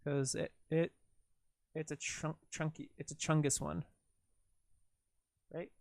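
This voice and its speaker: A man's voice: a little high, little pitch movement, slow, gravelly, a little mellow, no room sound. A man with a Canadian accent chatting casually on a livestream while he edits video, rambling, full of "like" fillers and talking to himself as he works.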